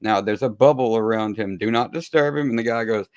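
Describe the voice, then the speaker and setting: Laid-back host guy, lowish voice, swears a lot, rambles along. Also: a little fast, clean tone, no echo. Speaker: podcast host. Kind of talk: casual interview chat.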